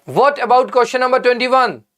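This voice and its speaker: A man's voice: very high voice, moderate pace, fairly bright tone. A young man teaching an online exam-prep English lesson, emphatic and repeating key points as he quizzes his viewers.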